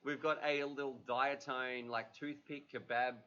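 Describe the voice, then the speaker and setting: A man's voice: mid-range voice, level tone, a little slow, sharp tone. A man hosting a livestream, chatting casually and rambling with plenty of fillers. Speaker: livestream host. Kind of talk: casual chat. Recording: dull lo-fi livestream audio.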